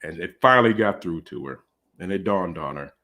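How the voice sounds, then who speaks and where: A man telling a comic personal story in a casual, animated way, full of fillers, over a video call. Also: low-pitched, a little fast.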